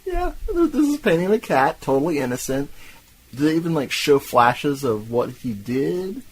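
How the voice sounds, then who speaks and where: A man from Tampa co-hosting a podcast, retelling a film plot in a lively, profane, laughing way. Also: fairly high pitch, normal speed, husky, low-quality recording. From Tampa, Florida. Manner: animated, laughing, profane storytelling. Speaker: podcast co-host. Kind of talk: casual movie-recap chat.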